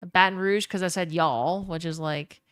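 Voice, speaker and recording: A woman's voice: on the low side, steady tone, normal speed, fairly bright tone, clean tone, dry recording, clean studio sound. A young woman from Louisiana with a New Orleans accent, chatting casually with her stream chat and swearing freely. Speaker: gaming streamer.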